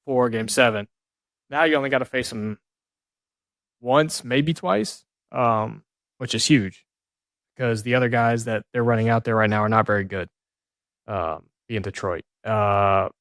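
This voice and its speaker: American guy in his 30s, easygoing sports co-host, dry close sound, mid pitch. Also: fairly bright tone, no echo. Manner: loose, rambling, lots of fillers. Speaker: co-host, former player. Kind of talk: casual sports chat.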